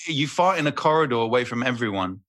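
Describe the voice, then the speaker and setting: A man's voice: mid-range voice, expressive, fast talker, a bit bright. A man, an actor, telling rambling, crude anecdotes with swearing in casual chat. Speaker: actor guest.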